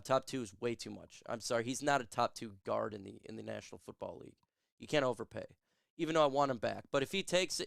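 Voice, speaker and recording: A man's voice: mid-range voice, gravelly, no room sound, clean studio sound. A man hosting a sports show, chatting casually and answering viewer questions in a joking, chatty way. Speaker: sports podcast host. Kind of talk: casual live Q&A chat.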